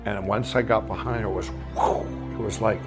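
A man's voice: fairly low pitch, fairly even intonation, brisk, over music. A man telling his life story as a guest, rambling and candid, acting out the dialogue along the way. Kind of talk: personal storytelling.

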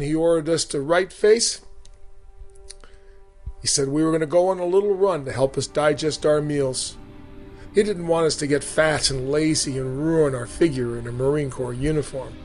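A man's voice: fairly high pitch, a little mellow. Man earnestly reading his memoir. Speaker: storyteller recounting his boot camp.

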